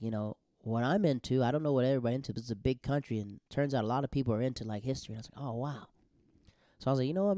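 A man hosting a solo podcast, talking in a rambling, self-correcting way with sudden bursts of excitement. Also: lowish voice, no room sound, clean studio sound. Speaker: podcast host.

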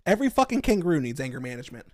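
A man from Western Pennsylvania hosting a podcast, chatting casually with his viewers in loud, profane, excitable rants. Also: fairly high pitch, racing, dry recording, clean studio sound. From Western Pennsylvania, USA. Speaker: podcast host. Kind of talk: casual chat with live chat.

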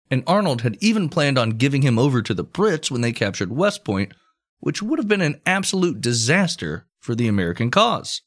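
A man co-hosting a podcast, reading a history account aloud in a casual way and breaking off into crude offhand jokes. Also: mid-range voice. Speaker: podcast co-host narrating history. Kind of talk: casual history storytelling with banter.

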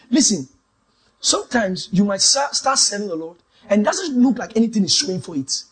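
Preacher guy, kinda husky and high, gets loud then drops real quiet, testimony sermon. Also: lively intonation, moderate pace, pauses often. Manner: dramatic, swings from shouts to hushed asides.

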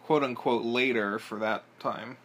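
Male interviewer, bright voice, teasing manner, faint background noise. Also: mid-range voice, steady tone, a little slow. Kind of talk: casual interview questions.

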